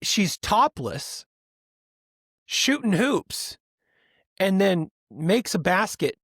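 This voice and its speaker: A man co-hosting a podcast in casual chat, rambling and animated, often mimicking other people's voices for laughs. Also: high voice, takes it slowly, long pauses, dry recording, clean studio sound. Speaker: podcast co-host.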